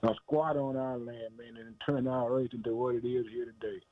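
A man preaches in a repetitive, emphatic way, calling out "man" and "boy" between his phrases. His voice sits in an ordinary middle pitch. The sound is thin and phone-like, with no room echo. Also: little pitch movement, moderate pace, hardly any pauses. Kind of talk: sermon. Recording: dry, phone-like narrow sound.

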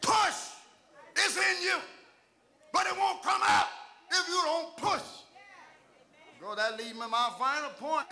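Older preacher with a high, bright voice. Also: male voice, unhurried, creaky, pauses often, slight background noise. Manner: chanting, shouting preacher cadence with sung phrases. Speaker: pastor. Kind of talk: sermon.

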